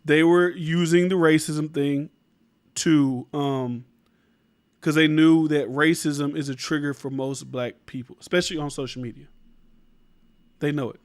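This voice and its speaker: A high-pitched man rants through his own commentary show. He talks emphatically, swears a lot and trips over restarts. The sound is close and dry, with little room echo. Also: fairly even intonation, unhurried. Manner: emphatic, rambling, profane, restarts mid-sentence. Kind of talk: casual opinion commentary.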